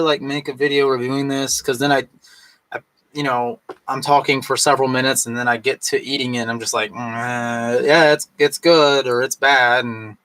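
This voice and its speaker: A man's voice: medium pitch, fairly bright tone. Rambling tipsy man on a live stream. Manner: rambling, loose, full of fillers and restarts. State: tipsy from drinking. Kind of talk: casual live stream chat while drinking.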